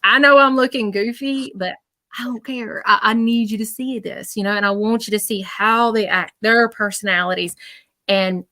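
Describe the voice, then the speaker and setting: A woman giving a psychic reading on a live stream, chatty and repetitive, often pausing to listen. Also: medium pitch, steady tone, pushed and bright, dry recording. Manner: chatty, repeats herself, often pauses to listen.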